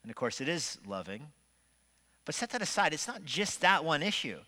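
Bright-voiced pastor preaching in a reverberant hall. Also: male voice, on the high side, normal speed. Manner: animated preaching with shifting loudness and rhetorical questions. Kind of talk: sermon. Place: church sanctuary. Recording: long reverb of a church hall.

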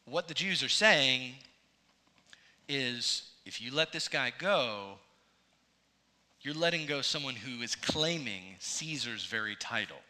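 A man preaching an expository sermon, his voice rising to emphatic peaks and dropping low. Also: animated, slow, long pauses, bright, forceful tone. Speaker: pastor.

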